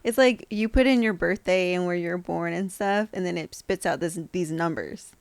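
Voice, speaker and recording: A woman's voice: on the low side, moderate pace, creaky, smooth, no room sound. A woman chatting and laughing often as a podcast guest. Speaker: guest artist. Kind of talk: casual chat.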